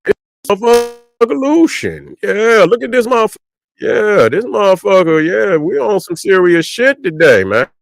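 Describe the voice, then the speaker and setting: A man's voice: high voice, big pitch swings, moderate pace, vocal fry, no room sound. A man, ranting profanely and repetitively to viewers on a livestream. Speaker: online commentator.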